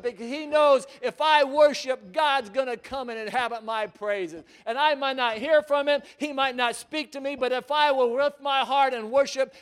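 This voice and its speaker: A male preacher with a strikingly high, bright voice delivers a sermon in church. He reads scripture aloud and moves between quiet, close passages and loud, fervent declarations. His tone stays smooth and clear.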